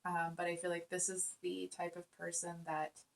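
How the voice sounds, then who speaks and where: Lady doing a tarot reading, kinda low flat voice, earnest, lots of ums and restarts. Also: moderate pace, vocal fry. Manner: earnest, rambling, many fillers and restarts. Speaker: tarot reader. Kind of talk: casual spoken tarot reading.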